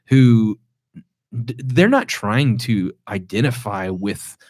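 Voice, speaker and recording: A man's voice: fairly low pitch, animated, slow pace, a little mellow, dry recording, clean studio sound. A man co-hosting a podcast, talking in a loose, rambling way with many restarts. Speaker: podcast co-host. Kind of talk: casual chat.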